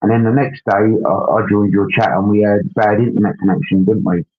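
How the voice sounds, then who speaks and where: Husky and brisk, this man hosts a casual livestream, rambling through on-screen tasks and ending sentences with tag questions. His pitch is fairly low and his intonation fairly even, heard over dull lo-fi stream audio.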